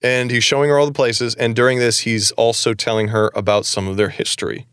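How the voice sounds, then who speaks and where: A man's voice: mid-range voice, level tone, brisk, fairly bright tone, clear, resonant tone, dry recording. Man, podcast co-host, casual chat, rambling, swearing, dry recording. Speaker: podcast co-host recapping a book.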